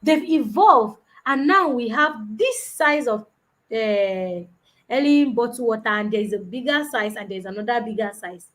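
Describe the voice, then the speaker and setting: A woman's voice: fairly high pitch, expressive, a little slow, fairly bright tone. Woman coaching, chatty and repetitive. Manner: conversational, repeats "you understand?", acts out customers. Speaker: business coach. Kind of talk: conference talk.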